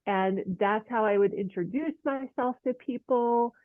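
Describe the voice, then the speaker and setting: Speaking a little slowly in a voice on the high side, a woman oil painting teacher chats encouragingly to camera in a casual motivational talk. She uses plenty of fillers and laughs lightly. The sound is dry and phone-quality.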